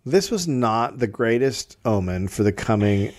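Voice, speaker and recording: A man tells a history story for a comedy podcast in a studio, reading from his notes. His pitch rises and falls a lot as he drops dry, joking asides. He sometimes trips over a word and laughs it off. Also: expressive, a little slow, a little mellow. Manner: reads notes with wry asides, stumbles and laughs.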